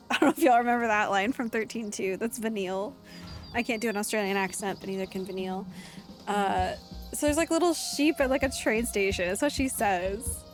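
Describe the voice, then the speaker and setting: A woman's voice: medium pitch, fairly quick. Chatty woman streaming a game. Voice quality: chatty, giggly, animated. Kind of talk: casual live game commentary. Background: game music.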